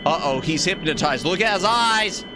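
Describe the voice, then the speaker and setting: This male VTuber plays a game on stream, chatting casually with his viewers and reacting loudly to on-screen events. He sits high in pitch, sounds animated and keeps a moderate pace, against a noisy background with game music.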